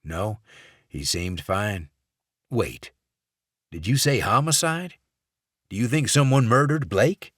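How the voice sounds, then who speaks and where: A man voicing a cold, ruthless male covert operative who speaks in a calm, clipped, controlled way. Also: fairly low pitch, slow pace, pauses often, no echo, clean studio sound, voice pushed up, exaggerated voice. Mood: feigned friendliness.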